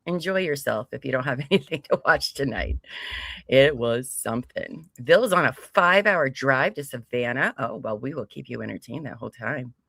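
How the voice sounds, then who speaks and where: Bubbly, bright-voiced woman livestream host. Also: rumbling low, animated, normal speed, vocal fry, slightly rough, no echo. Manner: bubbly, giggly, reads chat names aloud. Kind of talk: casual livestream chat, greeting viewers.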